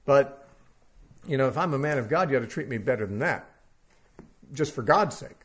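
A man's voice: medium pitch, animated, normal speed, a bit bright. A man teaching through a Bible passage verse by verse, talking casually and thinking aloud with frequent fillers.

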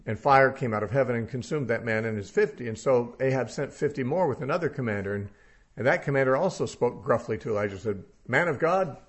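Male Bible teacher, verse-by-verse teaching, casual, thinking aloud, many fillers, mid-pitched. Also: fast talker.

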